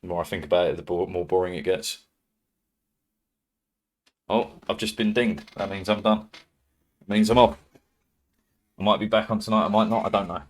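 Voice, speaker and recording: A man's voice: low-pitched, steady tone, moderate pace, pauses often. Sweary British man chatting on a stream. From Britain. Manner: rambling, sweary, laughs a lot. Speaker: livestreamer. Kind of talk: casual live-stream chat.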